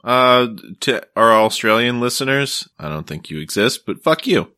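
A man co-hosting a comedy podcast, delivering crude jokes in a deadpan way. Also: medium pitch, moderate pace, clean tone, no room sound, clean studio sound. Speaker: podcast co-host. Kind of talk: casual comedic banter.

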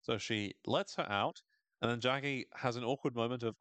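Animated, sweary man recapping a show. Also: medium pitch, a little slow, pauses often, no room sound. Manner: animated, sweary, laughs often. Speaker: podcast host. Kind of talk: casual episode recap.

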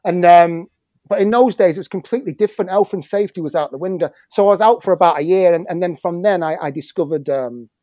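In a studio-quality recording with no echo, a middle-aged English guest, once a footballer and musician, recounts a football story casually. He speaks fast in a high voice with a dark tone, swearing frequently and tripping over his words.

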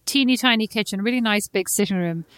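A woman's voice: medium pitch, quick pace, a bit bright, dry recording. A woman in a casual chat, telling a rambling story and acting out the back-and-forth of the people in it. The recording is dry and close, with no room sound around her voice. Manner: chatty storyteller, acts out quoted exchanges.

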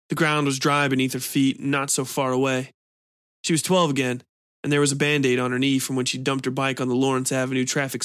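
Man narrating a dark story. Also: mid-range voice, no room sound, studio quality. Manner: steady, measured storytelling. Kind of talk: audio fiction reading.

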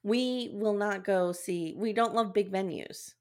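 A woman's voice: medium pitch, unhurried, a little mellow. A middle-aged woman hosting a podcast, chatting casually, teasing playfully and laughing easily. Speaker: podcast host. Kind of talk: casual chat.

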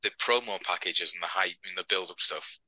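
A man's voice: low-pitched, a little fast, pushed and bright, dry recording, rough recording. A man co-hosting a wrestling podcast, chatty and joking as he rambles through match recaps. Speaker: podcast co-host. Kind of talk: casual chat.

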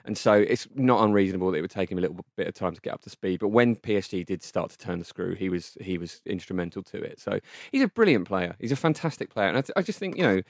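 A man talks fast in a lowish voice, co-hosting a football podcast. He has a wry, dry humour. The recording is close and dry. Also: lively intonation, no room sound. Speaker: podcast co-host. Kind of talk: casual chat.

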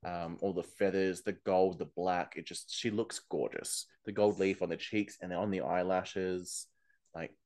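Low-voiced gossipy male podcast co-host. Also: little pitch movement, unhurried, a little mellow. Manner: chatty, gossipy, laughs often. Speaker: podcast co-host recapping a TV show. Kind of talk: casual chat.

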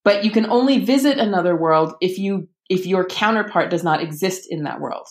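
A woman's voice: fairly low pitch, lively intonation, a little fast. A woman author in a casual interview, chatting enthusiastically with frequent ums and restarts. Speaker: author and podcast guest.

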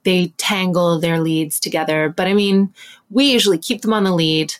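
A woman with a North American accent chatting as an interview guest, telling stories in a relaxed way. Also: lowish voice, normal speed. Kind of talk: casual interview chat.

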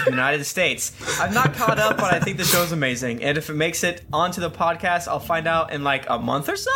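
A man's voice: high-pitched, noisy background. A man co-hosting a podcast, reading listener reviews aloud with playful, jokey asides.

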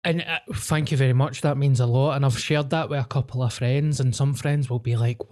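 A Glaswegian man in his mid-thirties, co-hosting a podcast in relaxed, foul-mouthed chat. He tells stories about his family and drops into flat, drawling impressions of relatives. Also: medium pitch, a little fast, few pauses. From Scotland. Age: 30s. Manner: sweary storyteller, mimics relatives in a flat drawl. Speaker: podcast co-host.

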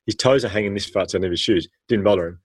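Fast-talking Australian man, husky voice. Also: on the low side, dry recording. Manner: animated, slangy storyteller. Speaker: guest, former teacher. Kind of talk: storytelling in a podcast interview.

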